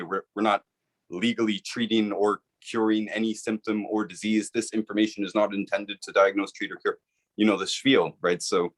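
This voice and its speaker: A man with a fairly low voice speaks as an interview guest. He explains in an earnest, persuasive way and keeps checking in with the listener. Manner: earnest, persuasive, repeats "right?". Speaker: author and guest.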